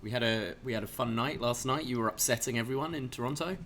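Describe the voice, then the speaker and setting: A man's voice: mid-range voice, fast, background noise. A man co-hosting a podcast in casual chat, teasing his friend playfully. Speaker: podcast co-host.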